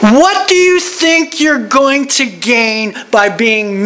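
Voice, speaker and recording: A man's voice: very high voice, slow, bright, forceful tone, a little hiss or hum. A man teaching a Bible study in a conversational way. He is digressive and often restarts and repeats words.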